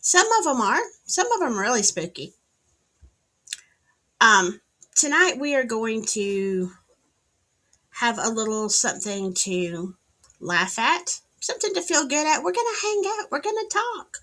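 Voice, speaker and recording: A woman's voice: on the high side, very animated, measured pace, long pauses, pushed and bright. A woman with a Southern US accent hosting a casual livestream, chatting and greeting viewers by name with sassy asides. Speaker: livestream host. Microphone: streaming setup, wired in.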